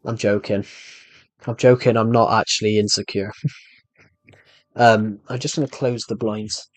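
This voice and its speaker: A man's voice: on the low side, flat delivery, moderate pace, no echo. A young British man giving casual, rambling gameplay commentary as he answers live chat, self-deprecating and full of restarts. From Britain. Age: young adult. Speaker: gaming streamer. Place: room at home.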